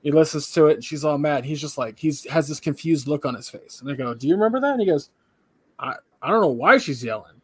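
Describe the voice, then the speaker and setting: A man's voice: on the high side, a little fast, husky, dry recording. A tired young man, a podcast co-host, casually retelling a work story and acting out the voices of the people in it. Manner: animated retelling, acts out quoted voices, swears casually.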